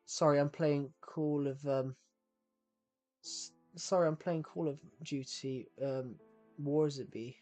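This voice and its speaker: This man streams a game live, his slightly high voice steady and mellow as he takes things slowly. He chats to viewers in a rambling manner, often stopping himself mid-sentence, with faint music behind him.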